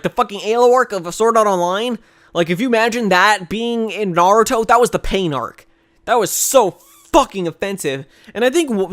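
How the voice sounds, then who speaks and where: A man answering viewer questions in a casual video, ranting in an animated, exasperated way with plenty of swearing. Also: high-pitched. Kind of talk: casual rant to camera.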